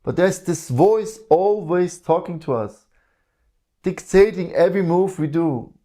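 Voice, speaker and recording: A man giving a reflective spiritual talk in a calm way, often posing rhetorical questions to the listener. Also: sits high, unhurried. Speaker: spiritual teacher.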